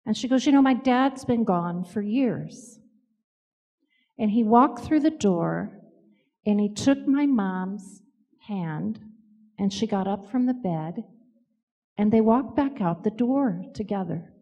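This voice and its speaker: A woman with a mid-range voice tells personal stories in a gentle, reflective way. She pauses often as she speaks. Her voice rings with the long reverb of a hall. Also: mid-range voice, expressive, muffled recording. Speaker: co-author and speaker. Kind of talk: storytelling talk.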